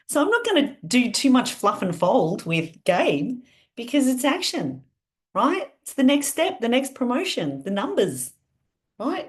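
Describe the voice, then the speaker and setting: Over a video call, a woman with a fairly high-pitched voice runs a live online training for her sales team. She's chatty and lively, often asking her listeners questions.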